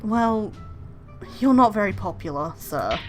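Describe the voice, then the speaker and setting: A woman voicing a deferential male bird assistant from a game, speaking softly and drily to his boss. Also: medium pitch, very animated, unhurried, faint music behind. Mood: deadpan.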